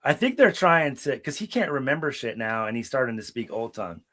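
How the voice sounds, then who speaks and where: A young man co-hosts a casual live watch-along podcast, his mid-range voice very animated, brisk, pushed and bright. He's a profane, rambling storyteller, swearing freely as he tells stories from a hot room with no air conditioning.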